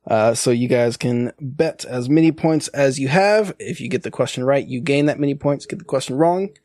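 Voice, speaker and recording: A man co-hosting a gaming podcast, reading trivia questions and scores in an even, casual way. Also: mid-range voice, normal speed, no room sound. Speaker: podcast co-host running the trivia.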